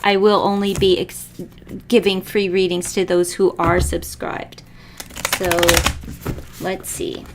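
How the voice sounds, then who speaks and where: A woman's voice: mid-range voice, flat delivery, slow pace, heavy background noise. A middle-aged woman reading tarot on a live stream, chatting loosely with viewers, rambling and laughing often, sometimes emotional.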